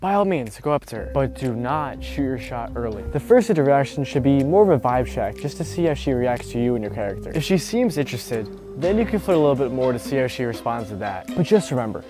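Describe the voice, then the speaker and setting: A man's voice: mid-range voice, big pitch swings, quick pace, hardly any pauses, music in the background. A young man hosting, narrating dating advice in a direct manner. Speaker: host.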